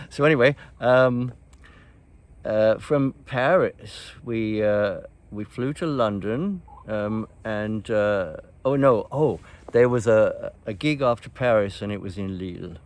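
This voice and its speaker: A man's voice: fairly low pitch, slow pace. An older man hosting a show, telling rambling stories from his past in a casual way, with frequent chuckles and restarts. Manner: rambling, chuckles often, many fillers and restarts. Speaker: host. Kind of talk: casual reminiscing storytelling.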